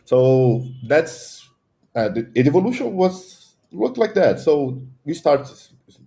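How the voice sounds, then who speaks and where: A man talking as a guest engineer on a casual tech podcast, telling a story in a halting, playful way. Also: on the high side, very animated, vocal fry, mellow.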